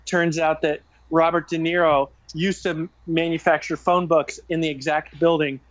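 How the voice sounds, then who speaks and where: A man's voice: fairly high pitch, level tone, moderate pace, no room sound. A man in casual chat, sarcastically retelling a movie plot and swearing. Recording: dull, slightly noisy sound.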